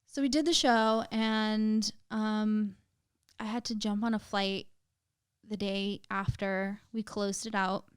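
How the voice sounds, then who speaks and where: A woman's voice: mid-range voice, fairly even intonation, slow, clear, resonant tone, dry recording, clean studio sound. A young woman, a podcast guest, telling a painful personal story in casual chat, emotional, with lots of "like" fillers and some swearing.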